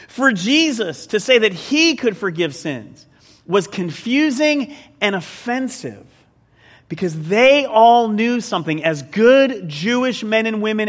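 A man with a notably high voice preaches a sermon, animated and conversational, slipping in joking asides between scripture. His voice rings out with a long reverb, as if filling a large hall. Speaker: pastor.

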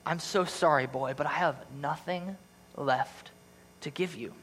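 A man reading the part of a gentle, generous female apple tree from a storybook, in a tender voice. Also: on the high side, measured pace, slight background noise, poor audio. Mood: sorrowful.

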